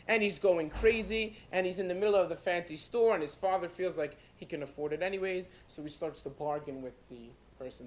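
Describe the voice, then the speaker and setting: A man giving a guest class in a synagogue study hall, telling a dramatic story in short, emphatic phrases with pauses. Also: sits high. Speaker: guest lecturer.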